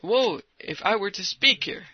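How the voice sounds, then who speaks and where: A man preaching a sermon, teasing the congregation with quick questions and answers. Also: sits high, expressive, dull audio.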